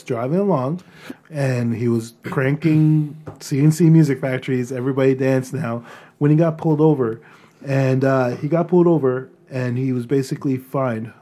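A man hosting a podcast. He reads out a news item haltingly, giggling as he goes. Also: mid-range voice, mellow. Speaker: podcast host. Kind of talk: casual chat, reading news aloud.

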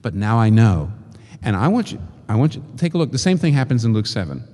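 Male preacher, mid-pitched, animated sermon delivery, long hall reverb. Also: quick pace. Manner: animated, acts out quoted voices, repeats phrases for emphasis.

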